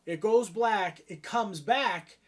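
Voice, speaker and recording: A woman co-hosting a gaming channel, chatting casually about a horror game and acting out the scares with yells and whispers. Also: medium pitch, takes it slowly.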